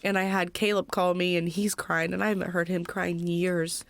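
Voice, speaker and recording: A woman in her twenties, a podcast guest, telling her personal recovery story in an earnest, halting way with many fillers. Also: on the low side, level tone, dry recording. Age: 20s.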